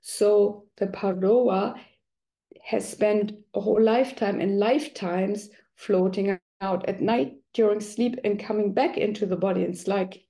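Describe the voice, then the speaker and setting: Mellow-voiced woman explaining calmly. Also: mid-range voice, measured pace. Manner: conversational, acts out quoted voices. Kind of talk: explanatory talk.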